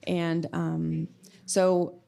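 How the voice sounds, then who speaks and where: Soft-pitched woman telling stories. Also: level tone, drawn-out words, creaky. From Oklahoma. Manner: reflective, many um fillers, laughs while telling stories. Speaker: podcast guest, music professor. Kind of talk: casual interview storytelling.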